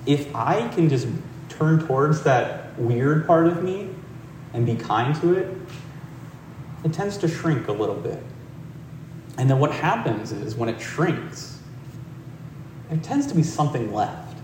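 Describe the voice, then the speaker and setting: A man speaks in a gentle, reflective, conversational way as he gives a meditation talk. His voice carries around a large echoing room, picked up from a distance with a faint ambience underneath. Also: a little high, expressive, measured pace, long pauses, noisy background. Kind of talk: dharma talk with storytelling. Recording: roomy hall, distant mic.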